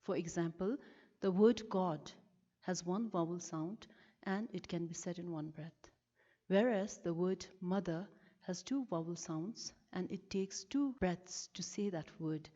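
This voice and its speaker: Woman teacher explaining poetry slowly. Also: lowish voice, dark tone. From Bhutan. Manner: slow, careful explaining with stressed key words. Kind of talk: recorded classroom lesson. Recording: lo-fi with long reverb.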